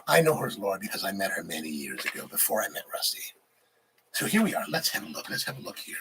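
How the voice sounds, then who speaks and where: A man's voice: low-pitched, wildly swooping pitch, quick pace, fairly bright tone, slight background noise. A man in his forties hosting a casual livestream, rambling and reading viewer comments aloud. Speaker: livestream host, barista.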